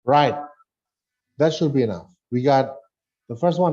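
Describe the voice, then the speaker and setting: A man teaching an online English lesson, slowly reading a dialogue aloud and explaining pronunciation with chatty asides. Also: medium pitch, dark tone, muffled recording.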